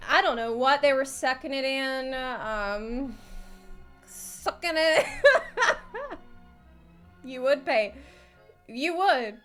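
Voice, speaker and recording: A woman's voice: high-pitched, lively intonation, extremely slow, pauses often, fairly bright tone, soft background music. A tired woman streaming, chatting casually and rambling, often breaking into laughter.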